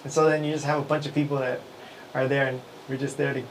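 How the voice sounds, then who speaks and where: A man's voice: medium pitch, little pitch movement, fast, low-quality recording. A man in the middle of his range chats casually as host of a livestream. He rambles, restarts his sentences and often breaks into a chuckle, and a faint hiss sits under his voice. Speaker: live show host.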